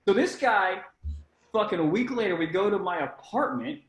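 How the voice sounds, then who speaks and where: A man's voice: high voice, animated, normal speed, roomy sound, rough recording. A young man, a comedian guest, telling a story in casual chat, swearing freely and acting out the voices in it.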